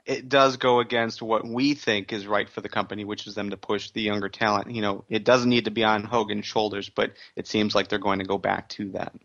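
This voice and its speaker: A man on a casual podcast, giving measured, hedged opinions. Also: lowish voice, level tone, gravelly, fairly bright tone. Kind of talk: casual chat. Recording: dull lo-fi mic.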